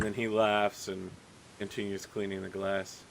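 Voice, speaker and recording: A man's voice: fairly low pitch, level tone, unhurried, creaky, slight background noise. A man narrating as game master in a casual, matter-of-fact way.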